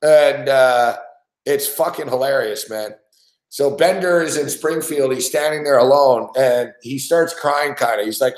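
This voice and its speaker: This profane storyteller co-hosts a sports betting show, chatting casually, cursing a lot, and laughing through his stories. He talks a little slowly in a medium-pitched voice, recorded in an echoey room.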